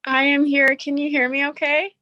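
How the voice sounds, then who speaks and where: Bright, high-voiced earnest woman. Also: little pitch movement, normal speed, muffled recording. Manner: earnest, heartfelt, candid. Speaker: caller sharing a testimonial. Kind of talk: emotional personal testimony.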